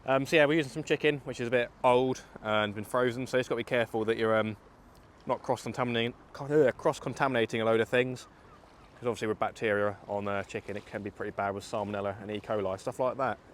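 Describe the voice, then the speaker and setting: A man's voice: medium pitch, steady tone, fast talker, slight background noise. A young man from England talking viewers through a fishing trip outdoors by a river, chatty and explaining each step. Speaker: angling vlogger. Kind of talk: fishing vlog commentary.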